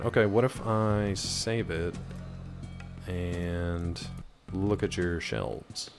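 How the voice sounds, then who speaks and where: Rambling low-voiced man playing a game. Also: lively intonation, takes it slowly, gravelly, music in the background. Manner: rambling, filler-heavy storytelling. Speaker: gaming streamer. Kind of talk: casual let's-play commentary.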